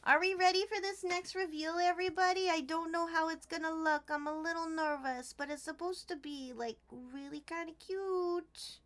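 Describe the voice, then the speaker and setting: A young woman with a high-pitched, slightly bright voice chats with her viewers while crafting on a livestream. She's gushing and giggly.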